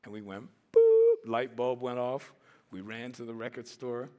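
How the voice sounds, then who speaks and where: A man in his sixties telling stories on a conference stage in a lively way, acting out the voices and laughing often. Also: mid-range voice, unhurried, dull audio. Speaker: conference speaker. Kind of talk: storytelling talk.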